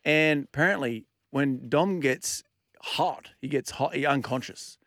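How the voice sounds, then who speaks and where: A man's voice: mid-range voice, a bit bright, no echo, clean studio sound. A man co-hosting a radio show, bantering playfully and teasing his co-host. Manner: playful, teasing, quick to laugh. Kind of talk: casual banter on air.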